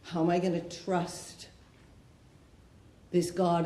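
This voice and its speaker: A woman's voice: fairly low pitch, a little slow, dark tone. A woman speaking candidly at a recovery meeting, asking rhetorical questions in a conversational way. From Canada. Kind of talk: personal share at a recovery talk. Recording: echoey room with faint noise.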